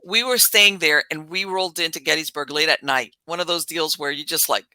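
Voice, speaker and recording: A woman podcast host telling a story in a casual, animated way, laughing as she talks. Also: sits low, a little fast, no echo.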